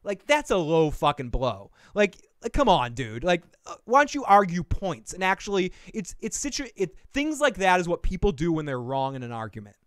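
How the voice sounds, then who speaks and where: Male podcast host, fairly high voice, dry close mic, profane heated rant style. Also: very animated, moderate pace, hardly any pauses, no echo. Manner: ranting, profane, acts out characters' lines. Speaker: podcast host reviewing a TV show. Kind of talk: casual recap chat.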